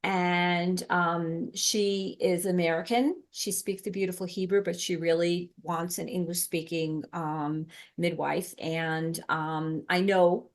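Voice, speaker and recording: A woman's voice: lowish voice, fairly even intonation, slow, hardly any pauses. Woman, workshop trainer, chatty, full of ums and restarts. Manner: conversational, many ums and restarts. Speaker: doula trainer. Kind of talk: workshop teaching.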